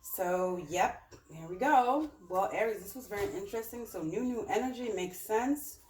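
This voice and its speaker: A woman's voice: mid-range voice, lively intonation, normal speed, a little mellow, far from the mic. A woman talks her way through a tarot spread in a loose, rambling way, full of fillers and restarts. She sits a little away from the microphone, so her voice sounds roomy. A faint noise stays underneath. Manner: chatty, rambling, with many fillers. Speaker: tarot reader. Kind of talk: casual tarot reading.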